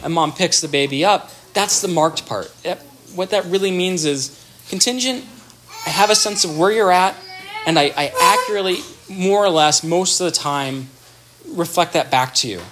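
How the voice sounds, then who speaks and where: A man's voice: sits high, moderate pace, fairly bright tone, slight background noise. A man giving an explanatory talk on child development, thoughtful, with restarts and everyday examples.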